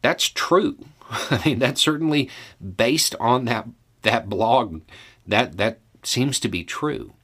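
A man hosting a podcast, talking through his view in an unhurried way with fillers and restarts. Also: mid-range voice, fairly bright tone. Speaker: podcast host. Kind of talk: casual solo commentary.

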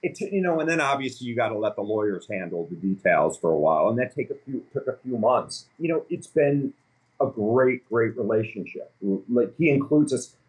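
A husky-voiced man in his fifties recounts his business story in a relaxed interview. He rambles happily, piling up fillers and restarts as he goes. His voice has a slightly rough, breathy edge. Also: mid-range voice, moderate pace. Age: 50s. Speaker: company founder.

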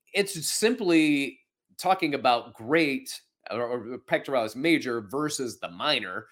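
A man's voice: mid-range voice, fairly bright tone. A man hosting a podcast and teaching anatomy in a folksy, chatty way. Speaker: podcast host and fitness instructor. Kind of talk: casual anatomy lesson.

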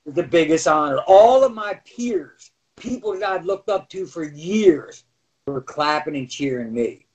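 A middle-aged man with a high voice tells stories in loose, casual talk. He acts out other people's lines and laughs as he goes. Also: measured pace. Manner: animated, acts out quotes, laughs often. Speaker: podcast guest, former wrestler. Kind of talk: casual storytelling.

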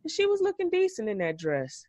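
A woman's voice: high voice, huge pitch swings, brisk, dark tone, no echo. A woman hosting a podcast, giving a blunt, profane, opinionated recap in casual chat. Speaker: podcast host.

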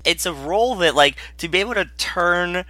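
A man's voice: high voice, expressive, moderate pace, bright, forceful tone, no room sound. A man co-hosting a casual movie podcast, rambling with many fillers and laughing as he talks. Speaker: podcast co-host.

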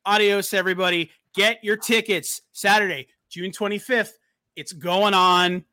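Hyped-up guy hosting a podcast, bright forward voice, dry close mic, kinda high. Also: a little slow, no echo. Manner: excited, hyped promo talk. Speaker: podcast host. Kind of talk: casual chat.

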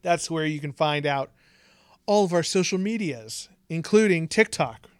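A man co-hosting a podcast in easy, joking chat. His voice sits a touch high and sounds smooth and clean. The sound is close and dry, with no room around it. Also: lively intonation, no room sound. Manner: joking, chatty, quick asides. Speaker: podcast co-host. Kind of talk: casual chat.

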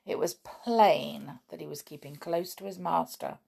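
A woman with a fairly low voice narrates a children's storybook. Her delivery is calm and even, unhurried between the characters' lines. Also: creaky, husky. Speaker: audiobook reader.

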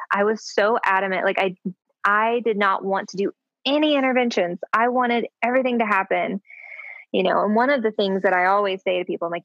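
A woman in her thirties telling a personal story in a casual chat, animated and full of fillers, often acting out her own past lines. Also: medium pitch, brisk, vocal fry, no echo. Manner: animated, many fillers, quotes herself in lively voices. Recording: slightly dull dry sound.

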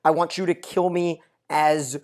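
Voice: mid-range voice, steady tone, a little slow, a little mellow. A podcast co-host in a casual TV recap, explaining plot points at length in long run-on sentences and arguing their view.

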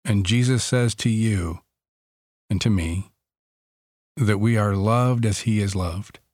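A man guides a Christian meditation in a low, unhurried voice. He speaks softly, leaving long pauses between phrases, and the recording is close and dry with no room sound. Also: no room sound.

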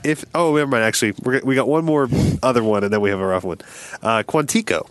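A man's voice: mid-range voice, fast. Joking man in casual podcast chat. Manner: joking, rambling with restarts. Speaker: podcast co-host.

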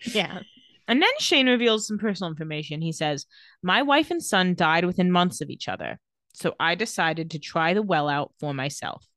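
A woman's voice: on the low side, animated, a bit bright, no room sound, studio quality. Playful woman recapping a show. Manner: playful, quick to laugh, acts out quotes lightly. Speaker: podcast co-host recapping a TV episode. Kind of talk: casual chat, retelling scenes.

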